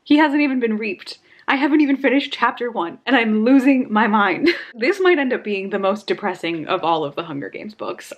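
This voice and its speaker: A woman's voice: mid-range voice, a bit bright. A young woman vlogging about a book she is reading, talking casually and getting emotional, sighing and exclaiming.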